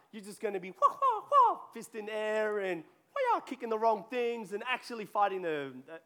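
Man, pastor, high voice, sermon, conversational, teasing congregation, church. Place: church hall before a congregation.

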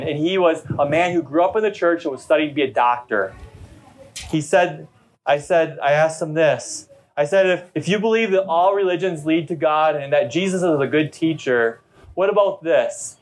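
A middle-aged man preaching to a congregation, telling stories in a loose, conversational way. His voice sits a little above the usual pitch for a man. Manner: conversational storytelling preacher, talkative. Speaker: pastor. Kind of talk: sermon. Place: church service.

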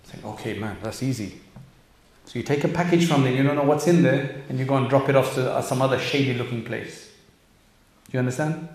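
Fast and fairly even in intonation, this man's medium-pitched voice has a slightly mellow quality. Recorded in an echoey room, he's an Islamic speaker giving youth and parents a direct, earnest religious talk heavy with rhetorical questions.

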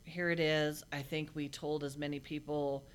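Low-voiced blunt woman telling her story. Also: level tone, slight background noise. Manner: blunt, matter-of-fact; halting, with many restarts and fillers. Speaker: interview guest. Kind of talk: casual personal storytelling.

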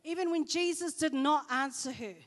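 A woman's voice: sits high, normal speed, long reverb tail. A woman with a New Zealand accent preaching a sermon, telling personal stories and acting out the dialogue.

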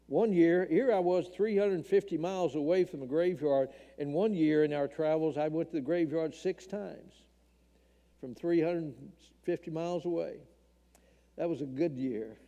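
A man's voice: a little high, dark tone. An older man from Tennessee, earnestly and emotionally telling a personal testimony in a church talk. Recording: long hall reverb.

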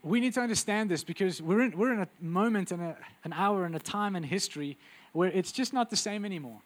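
Intense guy preaching, high voice, goes loud then real quiet. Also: brisk. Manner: intense, swings from loud urgency to quiet intimacy. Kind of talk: sermon.

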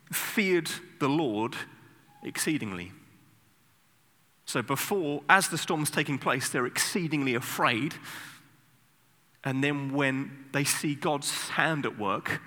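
Man, preacher, sermon, animated storytelling, very bright tone, long hall reverb. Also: on the high side. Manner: animated storytelling, sudden loud acted outbursts.

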